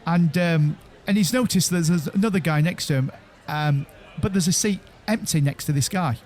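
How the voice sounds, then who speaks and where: A man co-hosting a podcast in casual chat, telling jokes with halting restarts. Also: a little high, a little mellow. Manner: halting, stammering restarts, chuckling joke teller. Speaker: podcast co-host.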